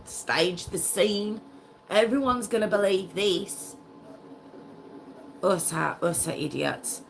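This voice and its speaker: A woman tells a true crime story in a casual, heartfelt way. She speaks slowly in a lowish voice and repeats herself when a point upsets her. Her tone stays indignant and emotional throughout. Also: fairly bright tone, a little hiss or hum, poor audio.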